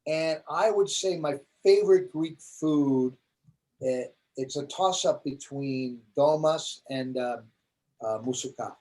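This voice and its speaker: A man's voice: a little high, slow. A comedian in a casual interview, talking with a voice sitting a little above the usual male range. He tells stories with energy and slips into voices for the people in them. The delivery is loose, chatty and built around getting to the punchline. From United States. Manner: animated storyteller, acts out voices in anecdotes. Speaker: guest comedian.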